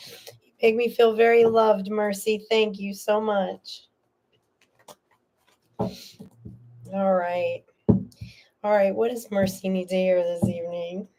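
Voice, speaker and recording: A woman's voice: mid-range voice, level tone, takes it slowly, long pauses, dark tone. A woman hosting a live tarot reading, talking earnestly and emotionally to a viewer in a soothing, reassuring way. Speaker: tarot reader and host.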